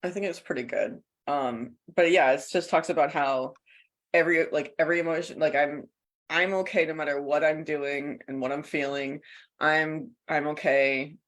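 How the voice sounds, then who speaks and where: A woman's voice: low voice, steady tone, moderate pace. A woman co-hosting a casual podcast, chatty and laughing often between thoughts. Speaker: co-host.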